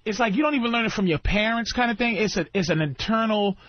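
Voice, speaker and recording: A man's voice: high voice, no room sound. Blunt man with a dull radio sound. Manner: blunt, fast storytelling with restarts. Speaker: guest comedian. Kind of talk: casual radio banter. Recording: dull radio broadcast audio.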